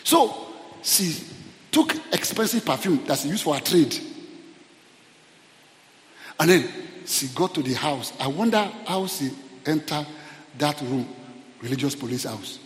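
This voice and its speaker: A man preaches to his congregation, pleading and urging them on. His voice sits high and swings widely in pitch. He is recorded in a roomy church hall with a long, ringing echo. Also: expressive, measured pace, long pauses. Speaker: pastor. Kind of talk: sermon. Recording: echoey hall reverb.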